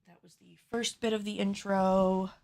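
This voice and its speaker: A woman's voice: medium pitch, flat delivery, moderate pace, a little mellow. A woman who makes cosplay patterns, chatting on a livestream while she films, nervous on camera and thinking aloud with self-deprecating remarks. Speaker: cosplay pattern maker and streamer. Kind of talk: casual livestream chat while filming.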